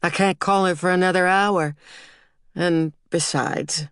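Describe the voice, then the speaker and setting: A woman's voice: fairly low pitch, fairly even intonation, measured pace, a bit bright, clean tone, dry recording, clean studio sound. A woman voicing a shy, sheepish young male soldier in an audiobook.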